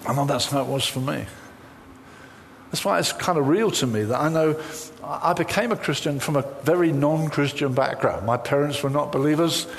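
A man's voice: a little high, normal speed, vocal fry, a little hiss or hum. A man preaching a sermon, telling a personal story full of quoted dialogue. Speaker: pastor.

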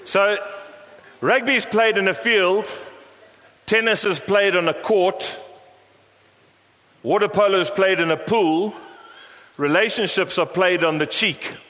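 A pastor with a high-pitched, fairly bright voice gives a playful sermon in a church, teasing and joking with the congregation and coaxing people from the crowd to join in. He speaks at a measured pace with long pauses. The recording has long hall reverb and faint room noise.

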